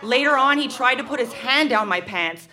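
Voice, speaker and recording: A woman's voice: high-pitched, expressive, moderate pace, sharp tone. A young woman reading her teenage diary aloud at a live show, wry and laughing through it. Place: live venue stage.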